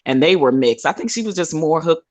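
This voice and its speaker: A woman's voice: deep voice, lively intonation, fairly quick, dry recording. A middle-aged grandmother chatting frankly in a group talk, telling family stories in an earnest, direct way. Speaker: panelist. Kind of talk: casual group chat.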